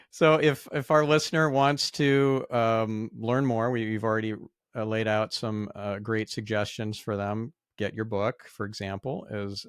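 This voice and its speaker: A man hosting a podcast, speaking in a reflective, measured way as he responds to his guest. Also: fairly low pitch, clear, resonant tone, dry recording, clean studio sound. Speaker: podcast host. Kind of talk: interview conversation.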